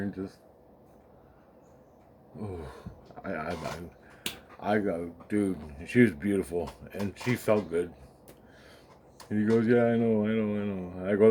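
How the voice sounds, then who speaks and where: A man's voice: fairly low pitch, mellow, a little hiss or hum. A man rambling and swearing as he recounts a spiritual experience, acting out the dialogue in his story. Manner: rambling, profane, acts out quoted dialogue, laughs often. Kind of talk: rambling casual monologue.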